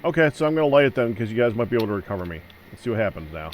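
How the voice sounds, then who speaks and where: Quick lively man, wry gamer. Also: on the low side, a little hiss or hum. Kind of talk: casual gaming chat.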